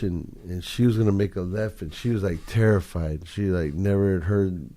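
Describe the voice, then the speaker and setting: A man with a low voice tells a story in a relaxed, drawling, profane way. His tone is dark and mellow, and he talks like it's a casual chat. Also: moderate pace, hardly any pauses. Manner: laid-back, profane, drawling.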